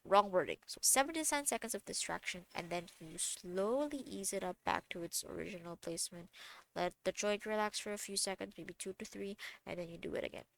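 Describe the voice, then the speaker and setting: A woman's voice: mid-range voice, a little fast, creaky, a bit bright. A woman casually explaining physiotherapy techniques in a recorded lesson, often correcting herself and going off on tangents with self-deprecating asides. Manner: chatty, digressive and self-correcting.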